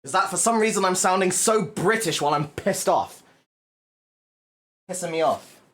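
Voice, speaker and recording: A man's voice: sits high, a little fast, a bit bright. A male livestreamer chatting casually to his viewers, exasperated and swearing a lot as he cleans up.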